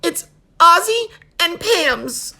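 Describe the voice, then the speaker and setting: A woman's voice: extremely high pitch, big pitch swings, extremely slow, sharp tone, pitched above the performer's own voice, full character voice. A woman voicing an anxious young boy in a read-aloud storybook, pleading and stammering.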